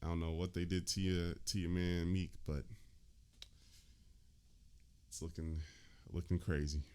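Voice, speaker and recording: A man's voice: sits low, flat delivery, measured pace, a little mellow, clear, resonant tone. A man hosting a casual let's-play, easygoing and laughing often. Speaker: host.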